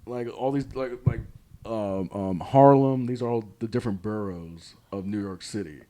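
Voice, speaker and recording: A man's voice: lowish voice, moderate pace, dark tone. A young man co-hosting a casual podcast chat, rambling with lots of fillers and restarts. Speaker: podcast co-host.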